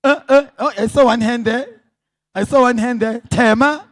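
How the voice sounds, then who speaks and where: Brief: South African event MC, high voice, upbeat crowd work. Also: male voice, steady tone, normal speed, no room sound, clean studio sound. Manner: hyped, calls out to the crowd. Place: event stage before a crowd.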